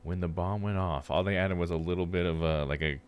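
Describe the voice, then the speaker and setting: A man's voice: sits low, fairly even intonation, a little fast, clear, resonant tone. A man streaming a game, chatting in casual, laid-back asides with chuckles. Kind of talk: casual gameplay commentary. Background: game music.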